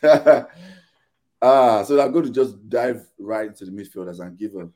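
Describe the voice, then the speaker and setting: During a relaxed podcast panel conversation, a man with a fairly low pitch talks at normal speed. His exasperated, animated rant plays out both sides of a dispute, quoting each voice in turn.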